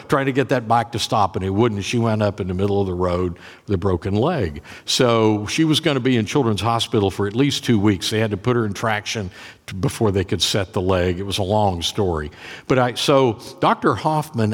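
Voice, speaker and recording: A man preaching as pastor, telling a personal story in a conversational way, often repeating and restarting words. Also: fairly low pitch. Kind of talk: sermon storytelling. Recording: long reverb of a church.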